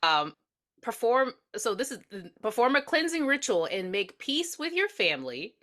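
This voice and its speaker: A woman's voice: on the high side, very animated, moderate pace, pushed and bright. A woman co-hosting a casual movie-review podcast, talking through plot points bluntly and with exasperation, swearing along the way. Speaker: podcast co-host. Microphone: podcast mic.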